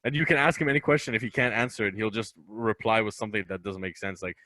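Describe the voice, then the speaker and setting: Chatty young man with a bright voice. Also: on the low side, quick pace, hardly any pauses, dry recording. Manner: animated, chatty, drops into voices. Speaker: guest comedian. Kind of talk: casual interview chat. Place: podcast studio.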